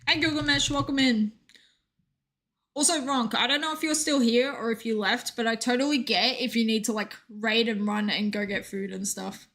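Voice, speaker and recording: A woman's voice: on the high side, fairly even intonation, moderate pace, a bit bright. A young woman streaming a game, chatting casually and reading out chat with joking asides.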